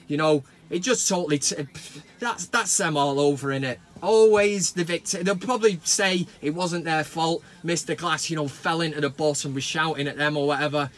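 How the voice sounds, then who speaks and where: A man giving a blunt, sweary fan rant that builds into a shouted team talk. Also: on the high side, normal speed. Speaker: football fan vlogger. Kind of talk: ranting fan vlog.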